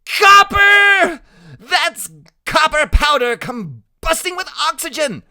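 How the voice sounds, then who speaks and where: A man voicing an excitable, tiny, brainy boy in an audiobook, shouting his exclamations. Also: fairly high pitch, normal speed, dry recording, clean studio sound, voice pushed up. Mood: exultant. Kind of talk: audiobook character voice.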